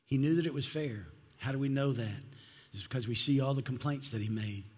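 A man's voice: mid-range voice, brisk, darkish tone, slightly rough. A male pastor preaching a sermon in an earnest, conversational way. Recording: long hall reverb.

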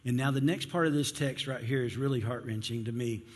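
A man's voice: mid-range voice, brisk, breathy edge. A male pastor preaching a sermon in an earnest, conversational way. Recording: long hall reverb.

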